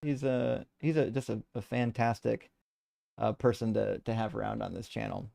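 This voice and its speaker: A man's voice: on the low side, fairly even intonation, normal speed, vocal fry, warm tone. A man hosting a live debate stream, chatting casually and reading out viewer comments, rambling with lots of restarts and casual swearing.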